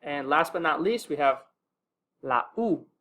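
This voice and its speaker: A young man with a fairly high voice teaches a casual video lesson. He talks in a relaxed, filler-heavy way and slows down whenever he sounds out an example word. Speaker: language teacher.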